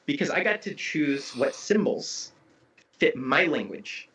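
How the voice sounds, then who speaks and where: A man in a casual conversation, explaining ideas as a guest teacher in an animated way and acting out tones of voice. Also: a little high, measured pace. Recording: dull lo-fi audio.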